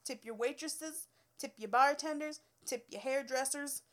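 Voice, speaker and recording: Young woman, ex-hairstylist, slightly high voice, blunt swearing rant with frequent laughs. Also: measured pace, a bit bright. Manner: blunt, profane, exasperated, laughs often. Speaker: former hairstylist telling work stories. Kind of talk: casual storytelling rant.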